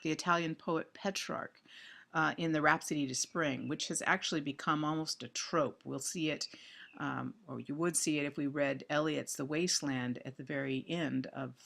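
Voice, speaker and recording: A man giving a recorded literature lecture, speaking deliberately and thoughtfully with frequent ums and restarts. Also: mid-range voice, gravelly, a bit bright.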